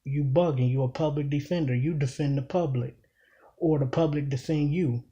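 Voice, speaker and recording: A man's voice: on the high side, fairly even intonation, normal speed, mellow, muffled recording. A man giving a casual breakdown of battle rap lines, repeating each bar emphatically while explaining it.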